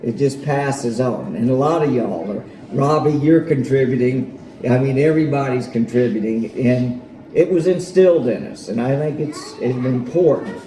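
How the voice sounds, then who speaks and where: A man giving a slow, heartfelt tribute at a gathering, with many repeated words. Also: mid-range voice, animated, dark tone. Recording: echoey room, faint noise.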